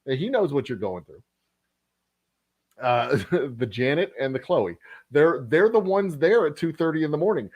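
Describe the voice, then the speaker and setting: A man's voice: a little high, sing-song, moderate pace, dry recording. A man hosting a casual livestream, telling a rambling, profane story with frequent chuckles. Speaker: distillery host.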